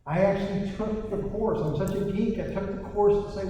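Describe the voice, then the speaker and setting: A man presenting a property tax seminar to a live audience, animated and wry, acting out the exchanges he describes. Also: sits high, fairly quick, slight background noise. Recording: echoey hall from far off, dull sound.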